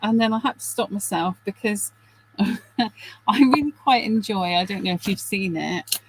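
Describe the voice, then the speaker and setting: A woman's voice: medium pitch, moderate pace, a little hiss or hum, poor audio. A middle-aged woman hosting a craft video, chatting casually and self-deprecatingly while she works, with giggly asides.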